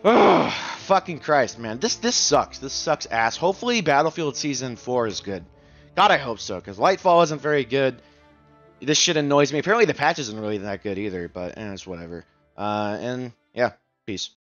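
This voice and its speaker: A man's voice: mid-range voice, animated, moderate pace, a bit bright, lo-fi sound, faint music behind. A young man delivering a heated, profane rant as a gaming YouTuber. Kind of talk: angry rant.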